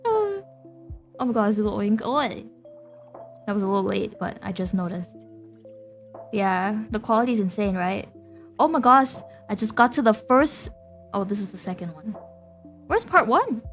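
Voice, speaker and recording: A woman's voice: mid-range voice, lively intonation, normal speed, long pauses, faint music behind. A young woman VTuber streamer chatting casually with her viewers, giggly and talkative, often laughing between phrases.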